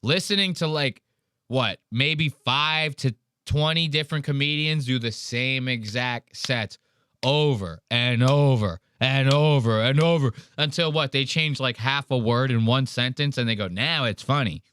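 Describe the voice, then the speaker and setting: A man's voice: mid-range voice, unhurried, clear, resonant tone. A man hosting a podcast, ranting in casual chat with lots of swearing. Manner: profane, ranting, animated. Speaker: podcast host.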